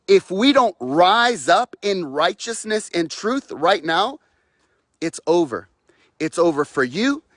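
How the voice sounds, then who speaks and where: Fiery high-voiced man preaching outdoors. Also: a bit bright, no room sound, studio quality. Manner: fiery, preachy, repetitive, mocking voices of others. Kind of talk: impassioned outdoor rant.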